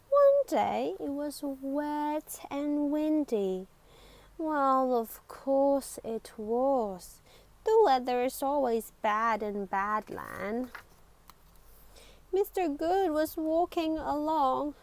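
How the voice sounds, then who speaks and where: A woman reading a children's picture book aloud in an expressive way, with dramatic whispers and exclamations. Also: high voice, dry recording, rough recording. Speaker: storybook reader.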